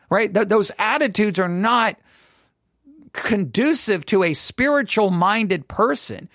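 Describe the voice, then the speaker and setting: A man teaching in a sermon style, answering listener questions, earnest and animated, often repeating words and restarting. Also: high-pitched, normal speed, dry recording, studio quality. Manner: earnest, animated, acts out imagined people.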